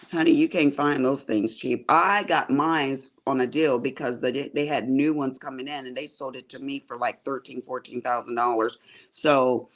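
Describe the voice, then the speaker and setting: A woman chatting on a sewing and embroidery livestream from her quilting area, animated, calling viewers honey and y'all. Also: deep voice. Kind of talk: casual livestream chat.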